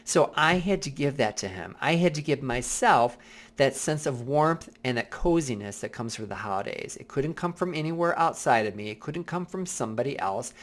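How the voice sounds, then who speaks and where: A man talks candidly about coping with hard times, earnest and reflective. He wanders through his thoughts with plenty of filler words, sounding like he is sharing from his own experience. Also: mid-range voice. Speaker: vlog host. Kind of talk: personal self-help talk.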